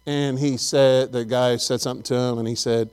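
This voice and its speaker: A man's voice: mid-range voice, fairly even intonation, moderate pace, a little mellow, smooth. A middle-aged man, preaching a sermon in a folksy, chatty storytelling way and talking directly to his congregation. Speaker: pastor.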